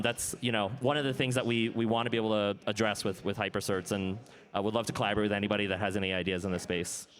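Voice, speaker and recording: A man's voice: medium pitch, a bit bright. A man speaking as a panelist at a conference, thinking aloud and often repeating words as he starts a sentence. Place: conference hall.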